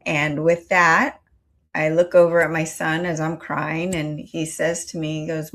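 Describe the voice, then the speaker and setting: A woman's voice: deep voice, flat delivery, a little slow, a bit bright. A middle-aged woman, a company founder, answering interview questions with an earnest storytelling manner and some fillers.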